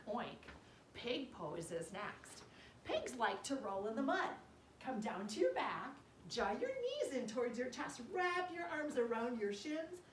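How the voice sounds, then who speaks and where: Slow, animated woman yoga teacher for kids. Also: fairly high pitch. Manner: slow, gentle, animated, makes animal sounds. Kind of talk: children's yoga class with a read-aloud story. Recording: roomy echo, distant mic, faint background noise.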